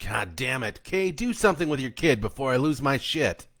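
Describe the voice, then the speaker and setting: A man putting on a shouting, cursing stepdad. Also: mid-range voice, very animated, moderate pace, voice pushed up. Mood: snarling. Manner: shouting, cursing, spitting his words. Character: angry foul-mouthed stepdad, bullying and loud.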